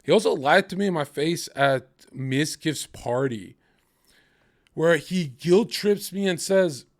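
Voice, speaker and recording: A man's voice: on the high side, lively intonation, takes it slowly. A young man streaming, ranting heatedly and with lots of swearing, acting out other people's lines in quotes. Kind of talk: ranting livestream commentary.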